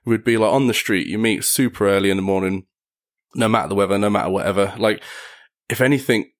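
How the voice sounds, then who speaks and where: A man's voice: lowish voice, fairly even intonation, fast talker. A young man chatting casually as a podcast guest, telling rambling stories with frequent laughs and lots of "like". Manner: rambling, laughs often, heavy use of "like". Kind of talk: casual storytelling chat.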